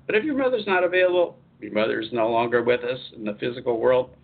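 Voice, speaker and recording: A man working as a spiritual life coach, hosting a live online talk show in a chatty, repetitive way with lively emphasis. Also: mid-range voice, fast, creaky, narrow, tinny audio.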